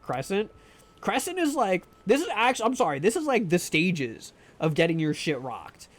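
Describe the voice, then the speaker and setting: Lively joking man streaming a game. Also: high voice, normal speed. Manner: joking, self-deprecating, laughs often. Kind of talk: casual live-stream chat while gaming. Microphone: desk microphone.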